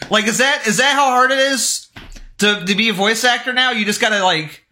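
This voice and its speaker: A man's voice: extremely high pitch, normal speed, pushed and bright. A young man streaming, giving crude, scornful reaction commentary with plenty of swearing. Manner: scornful, swearing, breaks into laughter. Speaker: streamer reacting to posts and videos. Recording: roomy echo.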